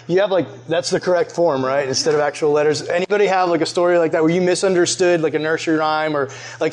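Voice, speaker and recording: A young man giving a casual sermon as a youth pastor, chatty and full of "like" fillers, asking his listeners questions. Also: a little high. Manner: chatty, loaded with "like" fillers, conversational.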